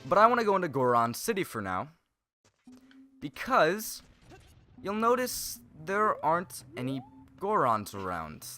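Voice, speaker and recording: A young man talking through a video game playthrough in a casual, rambling way, often correcting himself. His voice sits a little high and sounds bright and forceful. Faint game music runs underneath. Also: huge pitch swings, unhurried, long pauses. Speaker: let's play host. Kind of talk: casual gameplay commentary.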